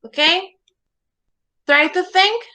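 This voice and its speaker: Slow, bright-voiced woman teaching English. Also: extremely high pitch. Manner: slow, repeating words for students to echo; checks understanding with frequent "okay?". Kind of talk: online class instruction.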